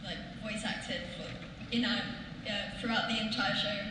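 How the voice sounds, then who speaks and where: A woman fan asking the panel questions, hesitant and halting. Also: medium pitch, fairly even intonation, background noise. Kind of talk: audience question. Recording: echoey convention hall, distant mic.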